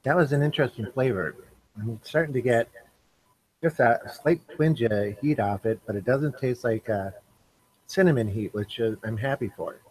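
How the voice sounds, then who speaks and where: A man's voice: mid-range voice, normal speed, darkish tone, slightly rough, dry recording, low-quality recording. A man hosting a casual live stream, taste-testing candy and talking between mouthfuls. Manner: eats candy on camera, apologizes for chewing.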